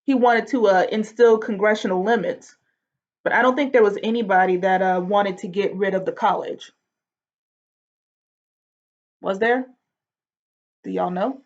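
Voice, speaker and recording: A woman's voice: mid-range voice, steady tone, normal speed, lo-fi sound. A woman giving a casual lecture, chatty and slangy, often asking the class questions.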